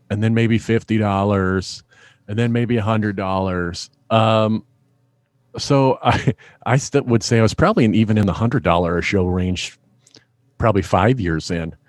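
A man's voice: fairly low pitch, no room sound. A middle-aged man, a stand-up comedian, telling stories in an interview, laughing often and acting out the people he quotes. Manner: animated anecdote-telling, laughs often, acts out voices in quotes. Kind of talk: storytelling in a podcast interview.

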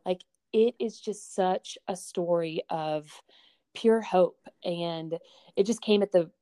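Upbeat low-voiced woman, dry sound. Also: takes it slowly, warm tone, dry recording. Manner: upbeat, laughs easily. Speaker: podcast guest. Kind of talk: casual interview chat.

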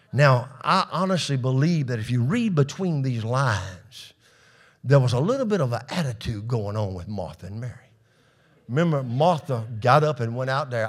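A male pastor, preaching a call-and-response sermon that swings from hushed low asides up to shouted peaks. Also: lively intonation, normal speed.

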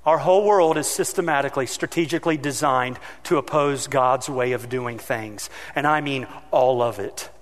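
A man's voice: mid-range voice, moderate pace, hardly any pauses. Male pastor preaching in a reverberant hall. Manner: animated storytelling, acting out his own shouting. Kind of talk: sermon.

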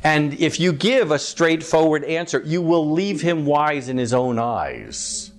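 A man's voice: a little high, expressive, measured pace. A man teaching a live group about evangelism as a campus minister, chatty, asking the audience questions, with frequent ums.

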